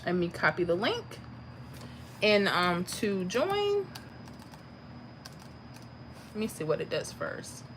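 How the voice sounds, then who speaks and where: A woman's voice: medium pitch, wildly swooping pitch, slow, long pauses, a little hiss or hum, rough recording. A woman from Florida, hosting a casual livestream and answering viewer comments. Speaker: livestream host.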